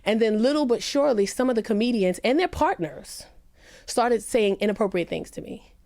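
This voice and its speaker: A woman's voice: expressive, moderate pace, darkish tone. Earnest woman comedian telling a serious story. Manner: earnest, emphatic storytelling with rising pitch on quoted lines. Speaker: comedian guest. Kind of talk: podcast conversation, telling a personal story.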